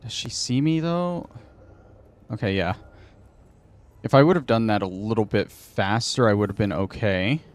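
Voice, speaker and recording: A man's voice: fairly low pitch, normal speed, pauses often. A man hosting a gaming channel, thinking aloud and muttering to himself in casual commentary while he plays.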